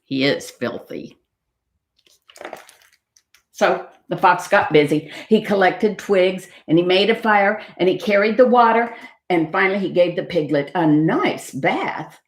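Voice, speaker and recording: A woman librarian reading picture books aloud to children, expressive and asking them questions. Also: mid-range voice, moderate pace, roomy sound. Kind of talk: storytime read-aloud. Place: library room.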